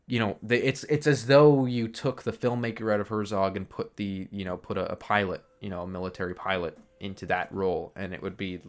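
A man co-hosting a film podcast, talking thoughtfully and hesitantly with many pauses and ums. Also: sits low, fairly even intonation. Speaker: podcast co-host. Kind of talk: casual film podcast chat.

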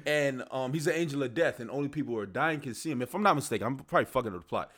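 A man's voice: mid-range voice, very fast, crowd noise. A man co-hosting a podcast, chatting casually with lots of laughter and crude slang. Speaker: podcast co-host. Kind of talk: casual chat.

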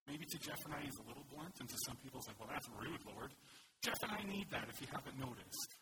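A man's voice: a little high, sing-song, very fast. A man giving an informal, upbeat sermon and prayer to his church. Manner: conversational, folksy, upbeat and encouraging. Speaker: pastor. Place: church service. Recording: loud background noise.

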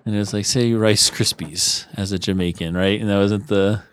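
A man in his forties co-hosting a casual podcast, animated, laughing often and swearing casually. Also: lowish voice, normal speed, slight background noise. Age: 40s. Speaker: podcast co-host. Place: podcast studio.

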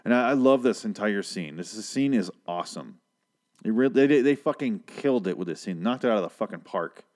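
Rambling, foul-mouthed man with a low voice. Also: lively intonation, fairly quick, a little mellow. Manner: rambling, swears a lot, interrupts himself. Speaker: podcast host recapping a TV episode. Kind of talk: casual profane chat.

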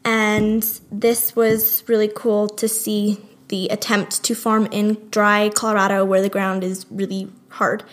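A woman's voice: medium pitch, flat delivery, measured pace, hardly any pauses. A young woman talking casually in a conversation, chatty and laughing easily. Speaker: guest.

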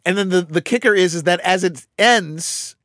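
A man chats casually as a podcast co-host, his voice sitting a little high. He tells stories in animated bursts, full of fillers and restarts. The sound is dry and close to the mic. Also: no echo. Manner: animated storyteller, quick bursts, drops into low voices for quoted characters. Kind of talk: casual chat.

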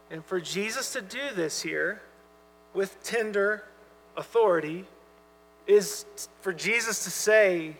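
A man preaching a sermon as pastor, earnest and emphatic, dropping to soft asides when he quotes. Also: high voice, a little slow. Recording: hall reverb with mains hum.

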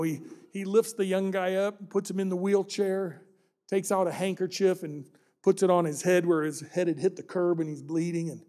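Pastor man preaching, kinda high voice, tells stories and does the voices. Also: dark tone. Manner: storytelling, acts out quoted voices with rising intensity. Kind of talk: sermon.

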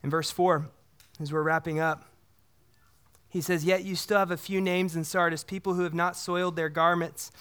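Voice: mid-range voice, little pitch movement, normal speed, a bit bright, smooth. An earnest pastor delivers a sermon in a mid-range voice. The preacher keeps asking the congregation questions and repeats words for emphasis.

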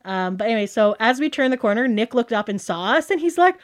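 A woman's voice: on the high side, quick pace. A woman from the Toronto area telling a story as a guest, chatty and gushing, full of "like" and quoted dialogue. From Toronto area, Canada. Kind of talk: casual storytelling.

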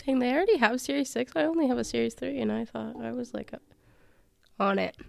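A woman's voice: on the high side, quick pace, creaky, a little mellow. A young woman co-hosting a casual podcast, reacting with gushing, emotional chat. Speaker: podcast co-host.

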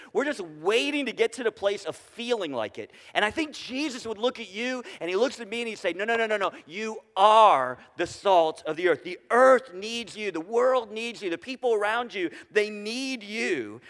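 Male pastor, high voice, conversational sermon with questions to the room, hall reverb. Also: fairly bright tone. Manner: conversational, asks the congregation questions. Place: church sanctuary.

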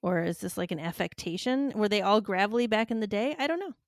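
A woman's voice: medium pitch, expressive, fast, no echo, studio quality. Wry chatty woman podcast host. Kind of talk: casual chat.

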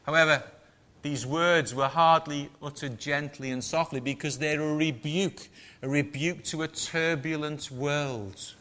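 A man preaching a sermon to his small congregation in a measured, emphatic manner with rhetorical questions. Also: a little high, fairly even intonation, pushed and bright.

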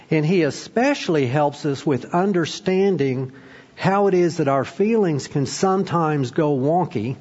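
A man's voice: fairly high pitch, long reverb tail, highs cut off. A man preaching a sermon as pastor, praying and then teaching, with frequent "uh" fillers. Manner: prayerful then animated storytelling, frequent fillers.

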